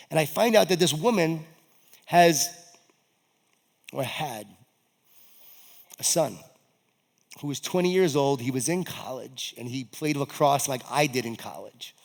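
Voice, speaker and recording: A man's voice: medium pitch, normal speed, long pauses. A man giving a motivational keynote talk to an audience, telling a personal story and acting out his own lines with animation. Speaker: keynote speaker. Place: event hall stage. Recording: long reverb of a large event hall.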